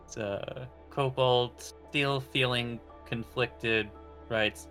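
A woman's voice: very deep voice, fairly even intonation, very slow, fairly bright tone, soft background music. A woman playing in a tabletop game, describing her character's actions hesitantly with many fillers. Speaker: player. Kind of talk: tabletop role-play chat.

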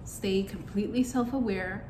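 A woman's voice: mid-range voice, moderate pace, mellow. A young woman telling a personal story in a candid, rambling way, with plenty of fillers. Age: young adult. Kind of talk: casual storytime monologue. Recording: echoey room with faint background noise.

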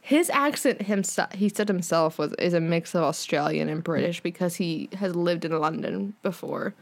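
A woman's voice: fairly low pitch, animated, moderate pace, gravelly. A woman co-hosting a podcast in casual chat, talking freely with lots of fillers and casual swearing. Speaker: podcast co-host.

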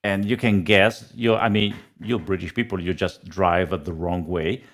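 A man's voice: low voice, steady tone, normal speed. A man from Italy with an Italian accent, a guest in a casual podcast chat, sometimes searching for English words.

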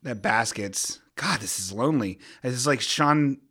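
A man's voice: medium pitch, a little slow, husky. A man hosting a casual comedic podcast, rambling and joking as he stumbles through his own sentences. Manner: rambling, animated, self-interrupting with jokey bits. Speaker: podcast host.

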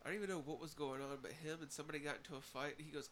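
Bright-voiced young man chatting. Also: a little high, fairly even intonation, rapid-fire, few pauses, slight background noise. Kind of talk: casual chat among friends.

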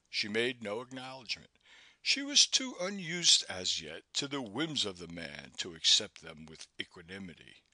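A man narrating an audiobook in an expressive, scripted reading style. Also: on the low side, normal speed, no room sound.

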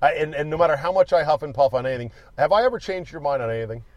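A man's voice: fairly high pitch, expressive, very fast, darkish tone. A man hosting a sports podcast, chatting casually and needling his guest in a teasing, argumentative way. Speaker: podcast host. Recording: dry, slightly dull sound.

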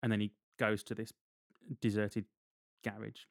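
A man's voice: fairly low pitch, flat delivery, unhurried, vocal fry, dry recording. A man, casually retelling a film's plot on a podcast with dry humor and frequent laughs. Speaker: podcast co-host recapping a film. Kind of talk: casual chat.

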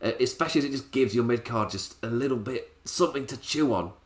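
A man's voice: medium pitch, fast. Chatty, chuckling man in an echoey room. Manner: chatty, chuckling, sarcastic asides. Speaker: wrestling show reviewer. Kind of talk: casual spoken review. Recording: roomy echo.

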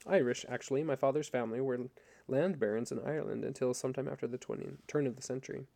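A bright-spirited young woman answers with ready, cheerful replies, played by a male reader. The voice underneath stays dark and gravelly. Her lines are read plainly. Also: mid-range voice, quick pace, natural voice.

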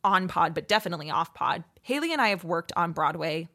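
A woman's voice: on the low side, animated, a little fast, sharp tone. A young woman co-hosting a podcast, telling a giddy story in casual chat and acting out what people said. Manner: giddy storytelling, acts out quoted speech. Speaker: podcast co-host.

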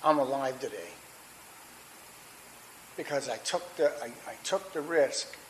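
This is a middle-aged man's personal testimony at a recovery meeting, told candidly and ramblingly with restarts and fillers. He keeps a measured pace in a mid-range voice, and the poor audio has a faint hiss.

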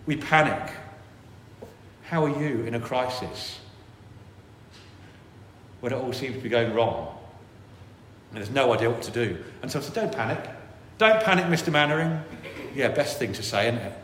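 A man's voice: medium pitch, moderate pace, long pauses. Man giving a sermon in an echoey church, long reverb, faint hiss behind. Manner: animated, voices worried inner thoughts. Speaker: priest.

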